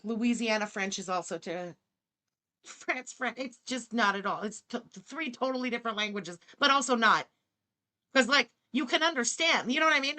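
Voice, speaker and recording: A woman's voice: on the high side, pushed and bright. An English-speaking woman doing blunt, sarcastic live-stream reaction commentary, swearing freely. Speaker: streamer reacting to another creator.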